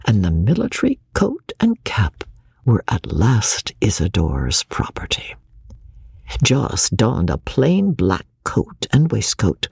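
A man narrating a classic novel as an audiobook, reading in an expressive storyteller's manner. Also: mid-range voice, gravelly, slightly rough, dry recording, studio quality.

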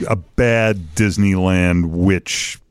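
A middle-aged man from Lynn, Massachusetts with a Boston accent, chatting casually as a radio guest with quick, laughing asides. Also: sits low, fairly even intonation, a little hiss or hum. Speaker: guest, TV host.

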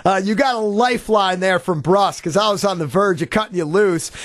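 Brisk, high-voiced male radio host. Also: no room sound. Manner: brisk, upbeat, running a call-in contest. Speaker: radio sports talk host. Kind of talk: sports radio banter.

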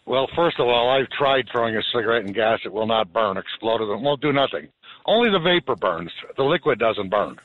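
A man's voice: mid-range voice, expressive, a little fast, no echo. A man calling into a radio talk show, confident and matter-of-fact. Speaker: caller. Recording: tinny phone line.

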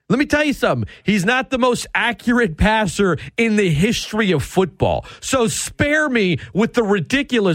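A man runs a heated sports radio rant, sarcastic and emphatic. His fairly high voice swoops all over as he drives his points home, and the studio sound is close and dry. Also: sing-song, fairly quick, few pauses, fairly bright tone, dry recording.

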